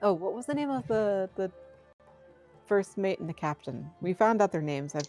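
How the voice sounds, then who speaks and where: A woman's voice: mid-range voice, animated, moderate pace, darkish tone, faint music behind. A woman playing a tabletop game, describing what her character does and says. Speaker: player.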